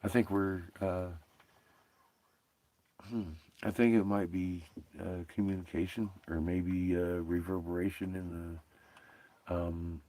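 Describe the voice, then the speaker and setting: A man's voice: low voice, little pitch movement, slow pace, pauses often, mellow. A man hosting a livestream, rambling and profane in casual chat, often breaking into laughter. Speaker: livestream host.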